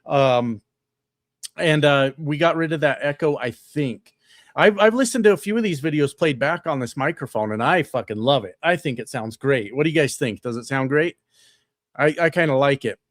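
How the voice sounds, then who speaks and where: A man hosting a livestream, talking loosely and swearing freely as he reacts to viewer comments. His voice sits a little high for a man. He is recorded close on a desk microphone in a treated home room, so the sound is dry. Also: expressive, moderate pace, dry recording. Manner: loose, profane and chatty, with frequent fillers and laughs. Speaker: livestreamer and political candidate. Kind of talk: casual livestream chat, reading viewer comments. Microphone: upgraded desk microphone.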